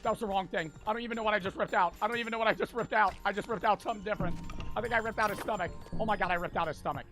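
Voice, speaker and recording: A man giving frantic gameplay commentary, swearing, talking to himself and breaking into sudden loud outbursts. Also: sits high, rapid-fire, soft background music. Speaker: gaming streamer.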